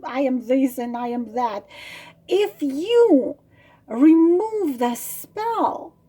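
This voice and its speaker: A woman's voice: sits high, warm tone. A woman voicing a boastful enchanted male frog king who promises riches and then gives orders. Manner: grandiose, demanding, promises then commands.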